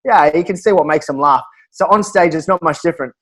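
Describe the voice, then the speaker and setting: An Australian man, a stand-up comedian, telling animated stories in casual chat with quick restarts and laughs. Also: on the high side. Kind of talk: casual storytelling.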